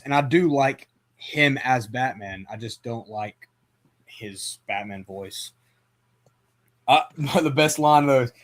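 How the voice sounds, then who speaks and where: A man's voice: mid-range voice, slow. A man hosting a casual movie chat, rambling with lots of fillers and restarts. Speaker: podcast host.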